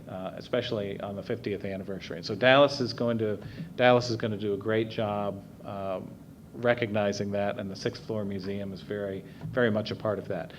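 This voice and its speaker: A man's voice: on the low side, dull audio, slight background noise. A man giving a conversational public talk at a library, telling anecdotes with frequent fillers. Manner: conversational storyteller with many fillers. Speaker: guest speaker. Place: library meeting room.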